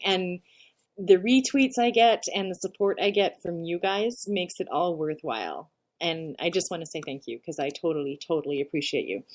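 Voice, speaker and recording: A woman hosting an indie music show, chatting casually and rambling as she introduces songs from home. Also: fairly low pitch. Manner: chatty and rambling, laughs often. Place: home during a storm.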